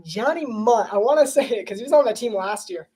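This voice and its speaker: A woman giving casual live commentary on a football game, chatty and playful and quick to laugh. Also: a little high, expressive, warm tone, breathy edge.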